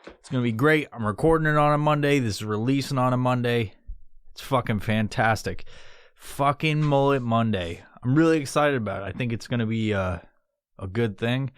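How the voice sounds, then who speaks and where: A man's voice: medium pitch, normal speed, smooth, no room sound. A man from New York hosting a solo podcast, rambling and swearing in an exaggerated tough-guy tone he admits to putting on in his studio. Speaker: podcast host.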